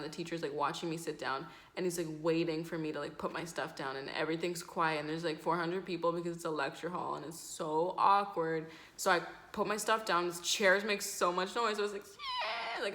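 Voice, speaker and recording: A woman's voice: fairly low pitch, steady tone, brisk, few pauses, a bit bright. A woman in her twenties telling a casual storytime, rambling and swearing with lots of "like". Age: 20s. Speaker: vlogger. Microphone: camera mic.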